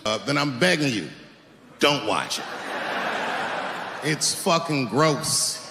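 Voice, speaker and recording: A man doing stand-up comedy on stage, loud and full of swearing, shouting at the audience, recorded in an echoey hall with a live crowd. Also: mid-range voice, lively intonation, takes it slowly, creaky, pauses often, a little hiss or hum. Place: large venue on stage.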